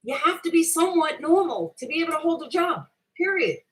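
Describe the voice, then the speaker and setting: A middle-aged woman hosting a livestream rants combatively at her chat, swearing heavily, defending herself and repeating her point. Her voice is very high and sing-song, a little fast and a bit bright. The recording quality is low.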